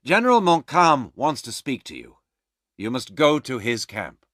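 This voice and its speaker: A man voicing a steady adult frontier scout in a storybook reading, speaking in a calm, low, commanding way. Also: measured pace, no room sound, studio quality.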